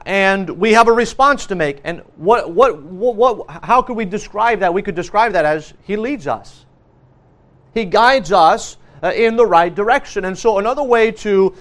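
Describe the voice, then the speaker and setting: A man's voice: high-pitched, a bit bright. A man preaching a sermon, earnest, repeating key phrases with frequent restarts and fillers.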